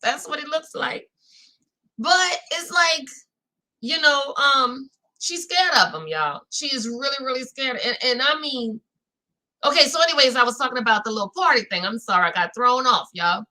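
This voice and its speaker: A woman with a New Orleans accent hosts a chatty live recap with a bright, forceful voice that sits a little high. She is animated and talks straight to her viewers, reading out their chat comments as she goes. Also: normal speed, low-quality recording. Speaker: reality-show recap host.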